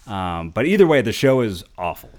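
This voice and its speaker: A man's voice: lowish voice, sing-song, moderate pace. A man hosting a casual podcast, rambling through entertainment news with frequent laughs and self-corrections. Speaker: podcast host.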